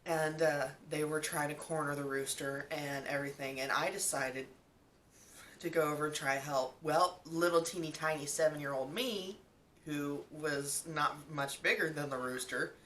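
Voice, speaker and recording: A young woman with a bright, forward voice chats casually while eating, filling pauses with um and like. She sits a little back from the mic, with a faint rumble in the room. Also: recorded from a distance. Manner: chatty, lots of fillers like um and like. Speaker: mukbang vlogger.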